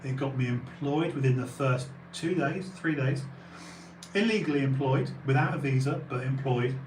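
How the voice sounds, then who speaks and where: A man's voice: mid-range voice, normal speed, darkish tone. An English man hosting a live-streamed talk show, speaking candidly, swearing casually and repeating phrases for emphasis. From England. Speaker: podcast host. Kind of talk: casual conversational interview. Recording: echoey room with faint noise.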